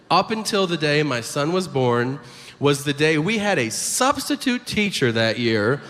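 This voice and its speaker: A man performing a stand-up comedy set, telling profane stories and acting out the people in them. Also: high voice. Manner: animated storytelling, acts out voices, profane. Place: comedy venue stage. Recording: live club mic, hall reverb, audience noise.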